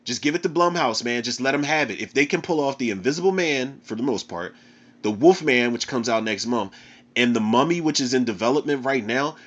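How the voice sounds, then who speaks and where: A man's voice: mid-range voice, a bit bright. A man hosting a podcast, talking about movies in a loose, profane casual chat and often saying "man". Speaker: podcast host and movie reviewer. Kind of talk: casual movie review talk. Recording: slightly dull lo-fi audio.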